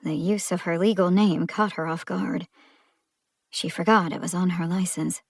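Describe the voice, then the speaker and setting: A woman narrating a thriller audiobook in a measured storytelling style. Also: on the low side, fairly even intonation, no echo, clean studio sound.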